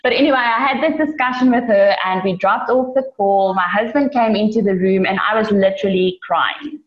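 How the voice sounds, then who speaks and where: A woman's voice: mid-range voice, fairly quick. A woman from South Africa who runs an online business, telling a personal story in a chatty way with lots of fillers. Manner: chatty, many fillers, animated in retelling. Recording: roomy, dull lo-fi sound.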